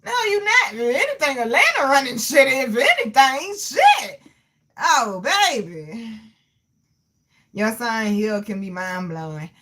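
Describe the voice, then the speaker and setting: High, bright woman in her thirties, brash livestream host, loud, swearing, quick to laugh. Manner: animated, loud, laughs often, salty slang. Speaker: livestream host reading chat. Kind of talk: casual chat.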